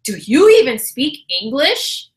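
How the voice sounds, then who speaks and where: A woman's voice: sits high, big pitch swings, a little slow, roomy sound. A woman voicing a rude, complaining older woman customer who whines over and over. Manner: demanding, repetitive whining.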